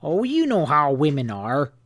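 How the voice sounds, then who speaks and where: A man doing a gruff, hot-tempered hotel owner. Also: on the high side, moderate pace, fairly bright tone, no room sound, natural voice. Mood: contemptuous. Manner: gruff, blustering.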